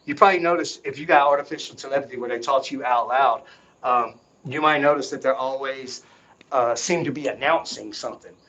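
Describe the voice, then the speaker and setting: A man's voice: medium pitch, brisk, fairly bright tone, poor audio. A man talking in an unscripted monologue, emphatic and insistent, often repeating himself to drive a point home. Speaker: vlogger.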